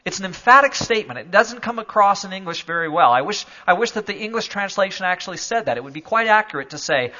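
Bright-voiced male pastor preaching. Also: high-pitched, fast, few pauses, lo-fi sound. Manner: builds from calm explanation to loud emphatic preaching. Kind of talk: sermon. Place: church sanctuary.

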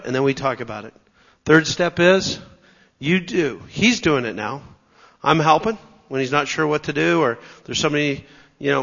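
A man's voice: medium pitch, fairly bright tone, big-room sound, lo-fi sound. Methodical male church teacher. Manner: explanatory, methodical, clears throat. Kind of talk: teaching talk.

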